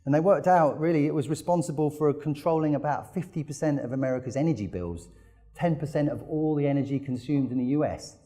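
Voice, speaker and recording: The man's voice is fairly high, mellow and fast. He is a conference speaker from the United Kingdom presenting on business, telling stories with enthusiasm and leaning heavily on "you know" as a filler.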